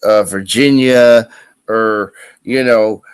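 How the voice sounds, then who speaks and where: A man's voice: on the low side, fairly even intonation, slow pace, clean tone, no room sound. A man hosting a live stream, chatting casually and rambling with lots of fillers and restarts. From US East Coast. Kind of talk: casual chat.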